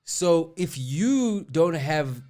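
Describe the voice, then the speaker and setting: A man's voice: fairly high pitch, big pitch swings, extremely slow, a little mellow. A man co-hosting a podcast in casual chat, speaking earnestly with brief interjections. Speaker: podcast co-host.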